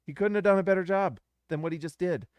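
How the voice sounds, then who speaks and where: A man's voice: sits high, fast talker, clean tone, dry recording. A man hosting a casual live reaction stream, talking to his viewers in an effusive way and repeating himself often.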